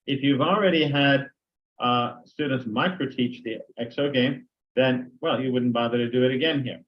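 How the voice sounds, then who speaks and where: A man's voice: medium pitch, moderate pace. Older man lecturing teachers, dull lo-fi sound. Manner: conversational, acts out sample dialogues. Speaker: teacher trainer. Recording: dull lo-fi recording.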